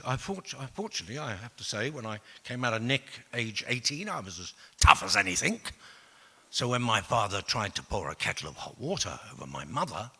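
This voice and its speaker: Guy in his 60s, blunt and sweary, bright cutting voice, goes loud then drops to a hush, big echoey hall. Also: on the low side, husky. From England. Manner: swings from loud outbursts to hushed asides; blunt and profane. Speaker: speaker. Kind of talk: storytelling talk to an audience. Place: large hall with an audience. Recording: long reverb of a large hall.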